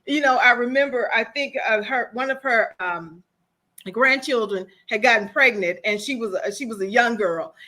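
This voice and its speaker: Woman coach, high voice, lively storyteller, keeps repeating herself for emphasis. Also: moderate pace. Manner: animated storyteller who repeats phrases. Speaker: transformation coach and guest. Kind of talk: casual conversation.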